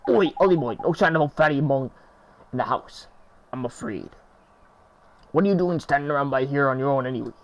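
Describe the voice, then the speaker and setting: A man's voice: mid-range voice, a little fast, pauses often, slight background noise, lightly acted. A man voicing a scrappy little male sidekick who talks in blunt, slangy, bossy banter. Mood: matter-of-fact.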